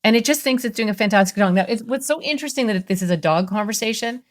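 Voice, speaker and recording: A woman therapist, a guest on a podcast, explaining ideas in an animated way and acting out inner voices with playful jumps in pitch. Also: quick pace. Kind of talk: conversational podcast interview.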